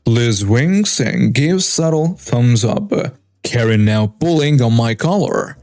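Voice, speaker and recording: Animated male storyteller over faint music. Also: mid-range voice, slow pace, no room sound. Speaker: story narrator. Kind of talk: scripted narration of a first-person story.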